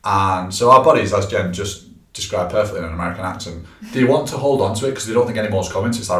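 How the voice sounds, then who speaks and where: A man's voice: fairly low pitch, fast, a bit bright. A man, a personal trainer co-hosting a podcast, chatting casually and explaining tips, with lots of fillers. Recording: echoey room, a bit far from the mic.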